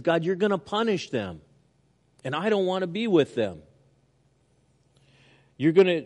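An older pastor delivers a sermon in a mid-pitched voice, earnest throughout, alternating loud, emphatic lines with quiet asides.

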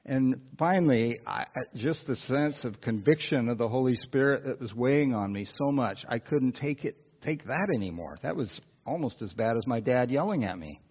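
A man preaching through a personal story, animated, with asides to the listeners. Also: medium pitch, normal speed, hardly any pauses, slightly rough. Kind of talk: storytelling sermon. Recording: dull lo-fi sound.

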